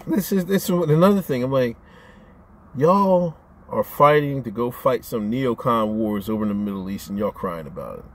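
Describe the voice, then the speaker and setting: A man with a mid-range, expressive voice rants at normal speed to the camera on his own vlog channel. His talk is casual, profane and rambling, and he often stammers as he restarts sentences.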